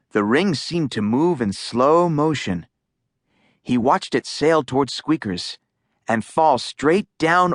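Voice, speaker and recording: A woman narrating a children's audiobook in a slow, lively storytelling voice. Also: deep voice, no room sound, clean studio sound.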